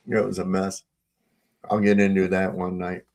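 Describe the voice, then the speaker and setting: A man on a video-call livestream, telling stories with lots of swearing and laughter, getting loud when he retells arguments. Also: sits low. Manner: profane, storytelling, laughs often, gets heated retelling run-ins. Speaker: panel co-host. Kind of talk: casual livestream chat.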